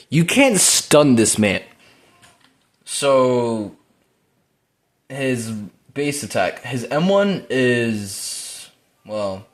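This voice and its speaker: A man giving casual, rambling gameplay commentary, full of fillers, breaking into excited yelps while playing. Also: on the low side. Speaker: gaming YouTuber. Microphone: phone.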